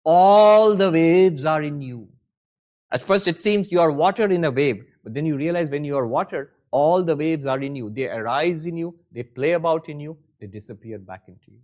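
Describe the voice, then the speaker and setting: A spiritual teacher, a man, explains scripture in an easygoing lecture. His voice sits fairly high, and he talks with wry self-mockery and a stream of rhetorical questions. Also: normal speed, a little mellow.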